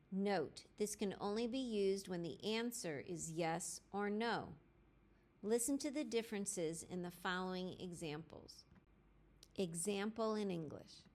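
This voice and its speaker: A woman teacher narrating a language lesson, clear and deliberate, spelling out grammar formulas step by step. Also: medium pitch, a little mellow. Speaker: French teacher. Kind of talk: slow instructional lesson narration.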